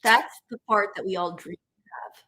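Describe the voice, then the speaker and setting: A woman's voice: mid-range voice, moderate pace, sharp tone. A woman chatting casually as co-host, playful and teasing. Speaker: co-host, partner. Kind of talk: casual chat.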